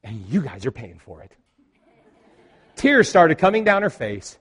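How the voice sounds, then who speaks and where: A middle-aged man preaching with a lively, animated voice that climbs and falls as he tells a story. He acts out the other people in it, and his voice sits a little high for a man. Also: unhurried, pauses often, slightly rough. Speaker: pastor. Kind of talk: sermon with personal story.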